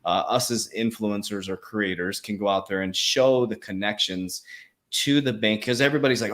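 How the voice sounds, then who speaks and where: A man hosting a casual crypto livestream, talking fast and animated with slang and quick laughs. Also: lowish voice. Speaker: crypto coach, livestream host.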